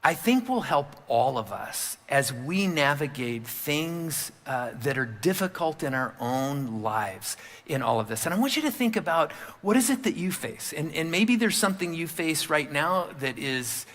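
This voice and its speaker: A man preaches from the pulpit in a bright, forceful voice pitched a little high. He talks candidly and conversationally, with many fillers. His words trail off into a long reverb that fills the church sanctuary. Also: very animated, measured pace. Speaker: pastor. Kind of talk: sermon.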